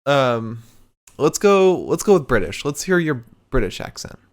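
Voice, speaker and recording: A young man hosts a casual livestream podcast, joking loosely, laughing easily and talking with his chat. His mid-range voice is sing-song and unhurried.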